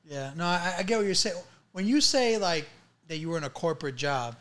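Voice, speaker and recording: Easygoing podcast host, slightly high voice. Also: male voice, animated, brisk, a bit bright. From Brooklyn, New York. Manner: easygoing, joking, asks loose questions. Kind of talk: casual podcast interview.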